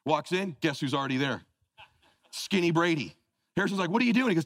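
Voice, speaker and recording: A high-pitched, gravelly man in his fifties delivers a fired-up motivational talk. He tells stories with voices and shifts to a low, soft tone when he speaks prayerfully. The sound is dry and close. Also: animated, a little fast, long pauses, no room sound. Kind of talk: motivational speech on stage.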